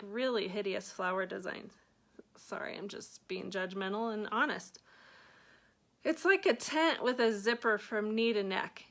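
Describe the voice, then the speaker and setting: A woman reads her own book aloud in a creaky, fairly bright voice at a middle pitch. She keeps breaking off for chatty, joking asides and laughs at her own lines before returning to the page.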